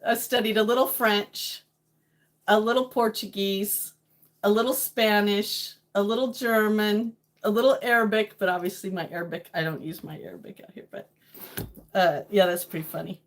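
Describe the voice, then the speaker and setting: A woman's voice: medium pitch, fairly even intonation, moderate pace. A middle-aged woman from New England, hosting a casual livestream chat with viewers, playful and laughing often. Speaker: livestream host chatting with viewers.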